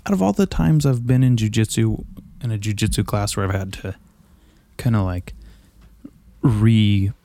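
With a lowish, mellow voice, a man talks at a moderate pace with long pauses, a little out of breath. He's at his home desk mic on a boom arm with no room sound, giving a loose, profane, self-deprecating monologue.

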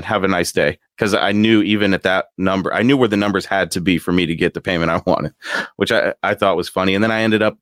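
A man's voice: on the low side, no echo, studio quality. A man casually telling a story, acting out the voices in it and laughing as he goes. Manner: animated, acts out quotes with laughs.

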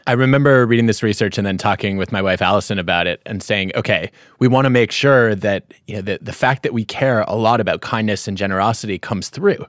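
A man's voice: lowish voice, quick pace, few pauses, a bit bright, dry recording, studio quality. A middle-aged man hosting a podcast, telling a family story and asking reflective questions. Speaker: podcast host. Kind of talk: podcast conversation.

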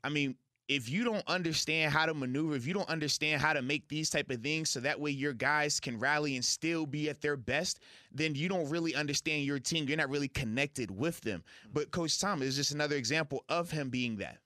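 A man co-hosting sports radio, making his points emphatically and playfully. His voice is bright and fairly high, and it sounds dry and close on the mic. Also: brisk, no echo. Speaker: radio co-host, football analyst. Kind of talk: casual sports radio talk.

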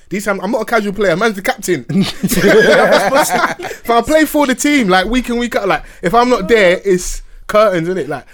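A young man with a London accent, telling animated stories in casual chat full of slang. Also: high voice.

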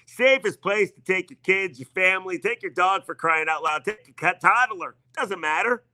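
A man's voice: high voice, moderate pace, pushed and bright, no room sound. A man hosting sports talk radio, delivering an emphatic, needling monologue that leans on repetition.

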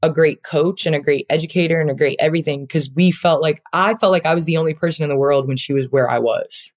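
A woman's voice: low-pitched, fast talker. A woman talking as an interview guest, a basketball player speaking earnestly and reflectively with many fillers. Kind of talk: heartfelt conversational interview.

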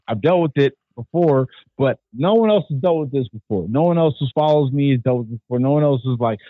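A man from California, a guest on a podcast, talking earnestly and carefully with many fillers and pauses. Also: mid-range voice, no echo. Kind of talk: casual podcast conversation. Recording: thin phone-like sound.

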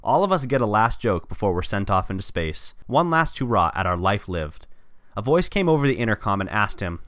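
A man's voice: fairly low pitch, big pitch swings, brisk, fairly bright tone, no echo, clean studio sound. A man co-hosting a podcast, reading his own short story aloud and running it down. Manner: self-deprecating, laughs at himself. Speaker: podcast co-host.

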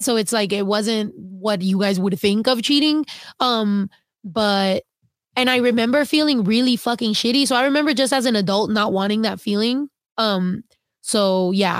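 A woman's voice: on the high side, no room sound, clean studio sound. A young adult woman hosting a casual livestream, reading chat comments with blunt, teasing, profane talk. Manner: blunt, swears freely, teasing.

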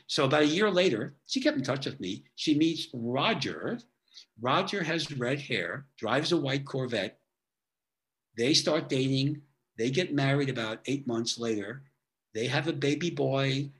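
A man's voice: mid-range voice, expressive, measured pace, a bit bright. A man, a guest on a podcast, telling his clients' case histories in a chatty way, often tagging sentences with "okay?". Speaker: guest, author and therapist. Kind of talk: storytelling in a podcast interview.

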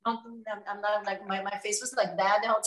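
A woman's voice: medium pitch, fairly quick. A woman with a Latin American Spanish accent chatting expressively as a guest. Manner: expressive, laughs while talking. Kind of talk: casual chat. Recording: roomy echo.

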